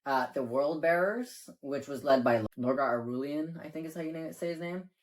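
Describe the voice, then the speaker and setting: A man's voice: a little high, moderate pace. A man co-hosting a casual chat and explaining game lore in a rambling way, leaning on filler words and swearing now and then. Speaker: co-host.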